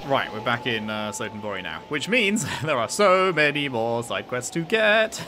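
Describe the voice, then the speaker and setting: A man's voice: medium pitch, big pitch swings, moderate pace, over music. A man giving casual, chatty commentary while playing a game, puzzled at times and swearing freely. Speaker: let's play gamer. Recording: noisy, with game sounds behind.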